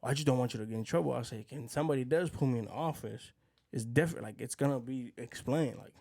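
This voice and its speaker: Speaking fast at a medium pitch, this man sounds gravelly and a little mellow. He co-hosts a podcast, rambling through stories in casual conversation and acting out people's quotes.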